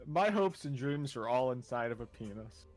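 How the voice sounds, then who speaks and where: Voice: mid-range voice, expressive, moderate pace. A player in a casual tabletop game who makes crude jokes and swears a lot.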